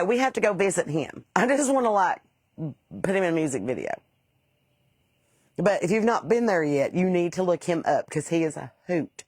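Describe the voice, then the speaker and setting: This woman has a lowish voice captured in a dry recording. She's hanging out on a livestream, reading viewer comments and spinning rambling, salty stories in a casual chat.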